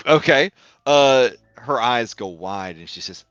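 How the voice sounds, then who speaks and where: A man's voice: mid-range voice, animated, takes it slowly, fairly bright tone, no echo, highs cut off, faint music behind. A man running a tabletop game as game master, narrating in a laid-back, jokey way with casual swearing.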